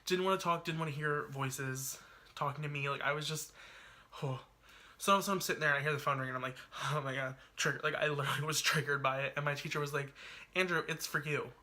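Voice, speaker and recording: A man's voice: fairly high pitch, steady tone, fast talker, sharp tone. A man telling a personal story on his vlog in a chatty, dramatic way, full of "like" and asides. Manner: chatty, dramatic retelling peppered with "like". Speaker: YouTuber.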